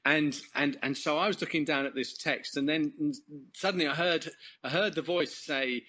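A man's voice: on the high side, moderate pace, pushed and bright. An English man talking as a guest, telling a faith story in a rambling, casual way, full of false starts and small laughs. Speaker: guest, Christian course leader. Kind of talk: casual testimony in conversation.

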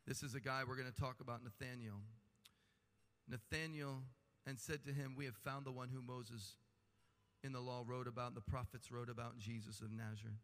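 A man preaching a sermon with animated delivery and humorous asides. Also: mid-range voice, fairly quick. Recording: long hall reverb.

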